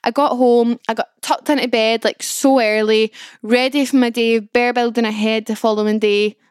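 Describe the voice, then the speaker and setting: A woman's voice: on the high side, flat delivery, normal speed, smooth, no echo, studio quality. A woman in her twenties hosting a podcast, telling a story in a chatty, self-mocking way and filling her talk with "like". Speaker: podcast host. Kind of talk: casual storytelling monologue.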